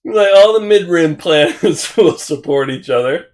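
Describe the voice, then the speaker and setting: A man's voice: a little high, lively intonation, a little slow, a little mellow, a little hiss or hum. A man co-hosting a casual podcast, making dry quips and steering the talk back to his notes. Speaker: podcast co-host. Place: room with co-hosts, in person.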